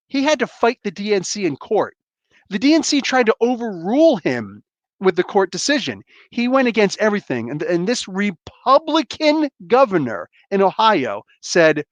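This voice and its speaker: Fortyish guy on a livestream going off, blunt and heated, kinda high voice, dry close sound. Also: sing-song, moderate pace, dry recording, lo-fi sound. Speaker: livestream host. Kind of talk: casual livestream rant.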